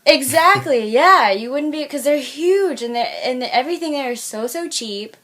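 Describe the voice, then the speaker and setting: A woman's voice: high-pitched, animated, moderate pace, fairly bright tone. A young woman from New York, co-hosting a podcast in an upbeat casual chat full of "like" fillers. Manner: chatty, upbeat, many "like" fillers. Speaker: podcast co-host.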